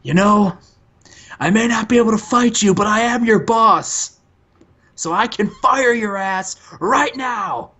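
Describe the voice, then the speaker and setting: A man putting on the voice of a loud, boastful male wrestling manager with a strutting promo delivery. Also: high-pitched, measured pace, voice pushed up, full character voice. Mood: furious.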